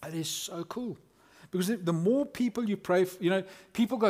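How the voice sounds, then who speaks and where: A man preaching a lively, conversational sermon as a pastor, acting out quotes. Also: high voice, brisk.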